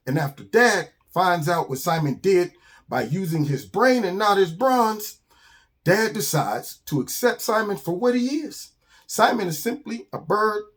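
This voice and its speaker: A man hosting his own channel, telling a children's story in a casual, slangy, animated way. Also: a little high.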